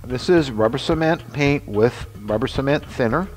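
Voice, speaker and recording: With faint music in the background, a mid-range male voice talks at normal speed. He's a show host and special-effects mask maker in his sixties, casually demonstrating his mask and costume work in a workshop and rambling along with plenty of fillers and asides.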